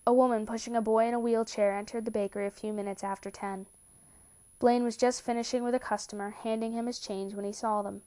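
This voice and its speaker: A woman narrates a romance story aloud in a steady, calm way. Her voice sits fairly high with a mellow tone. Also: quick pace. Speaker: reader. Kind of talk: reading fan fiction aloud.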